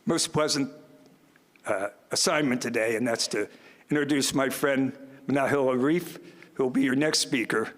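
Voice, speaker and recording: A man's voice: mid-range voice, moderate pace, a bit bright. An older man giving a commencement speech, telling folksy stories with self-deprecating humor from a podium. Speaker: student commencement speaker. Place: large ceremony hall. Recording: long reverb of a large hall.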